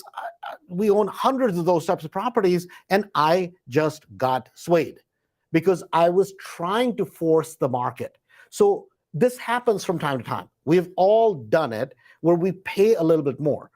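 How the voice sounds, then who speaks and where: A man's voice: high-pitched, lively intonation, a little slow, darkish tone. Man talking shop, lots of "right?". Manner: conversational, frequent "right?" tag questions; acts out quoted inner voices. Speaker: host. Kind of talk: live Q&A talk.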